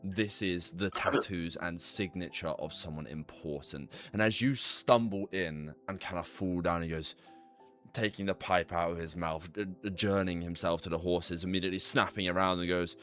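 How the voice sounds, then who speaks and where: A man narrating a tabletop game as game master, describing scenes slowly. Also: sits low, fairly even intonation, fairly bright tone, soft background music.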